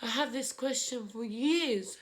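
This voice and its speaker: A young woman, telling a painful family story in a vlog while crying, halting and repeating herself. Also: on the high side. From Australia. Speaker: vlogger. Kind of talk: emotional personal story while doing makeup. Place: home room, indoors.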